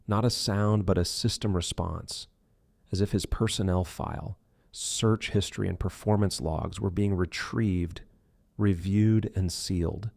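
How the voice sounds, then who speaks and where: A man reading an audiobook thriller in measured, dark scripted narration. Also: sits low, fairly even intonation, gravelly, dry recording, clean studio sound.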